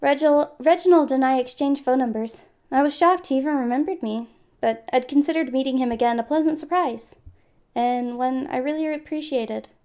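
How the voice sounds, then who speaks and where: A woman with a high voice reads a story game aloud and breaks off into chatty, giggly commentary. Her tone is relaxed and casual, like a streamer talking to viewers. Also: normal speed. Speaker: gaming streamer.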